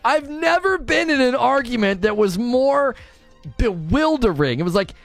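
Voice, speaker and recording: A man with a high voice hosts a casual live stream. His pitch swings widely as he argues, and he laughs often. Faint music plays behind him. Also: moderate pace, gravelly. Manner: animated, argumentative, laughs often. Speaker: livestream host.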